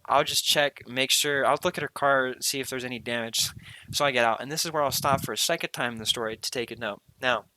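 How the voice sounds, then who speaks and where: Young man, podcast host, sharp bright voice, rambling casual storytelling, dry close sound. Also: medium pitch, dry recording, poor audio. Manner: rambling, heavy on fillers and slang.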